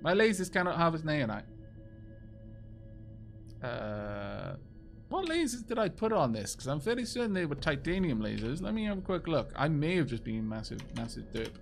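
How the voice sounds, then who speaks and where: Fast-talking Welsh man streaming a game. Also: on the high side, sing-song, creaky, faint music behind. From Wales. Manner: fast-talking, chatty, self-mocking. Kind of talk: casual live-stream chat over gameplay.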